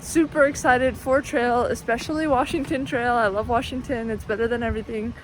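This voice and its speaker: A woman's voice: on the high side, fairly even intonation, a little fast, a little hiss or hum. Reflective hiker woman, rambling vlog. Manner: thoughtful, rambling, many "like" and "you know". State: emotional, near tears. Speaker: thru-hiker vlogger.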